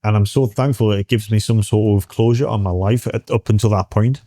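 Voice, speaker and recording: A British man in his forties, a military veteran telling a story in an interview, halting and restarting as he acts out what others said. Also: lowish voice, steady tone, warm tone, dry recording, clean studio sound.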